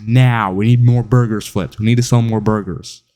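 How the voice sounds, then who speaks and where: An online commentator speaks straight to camera in a fairly low, dark voice, keeping a steady tone and a brisk pace. His monologue is opinionated and mocking, and now and then he mimics other people in whiny voices.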